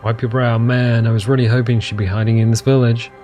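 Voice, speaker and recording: A man's voice: medium pitch, little pitch movement, fast, warm tone, faint music behind. A man playing a video game in casual commentary, reading its text aloud with jokey asides. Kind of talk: casual let's-play commentary.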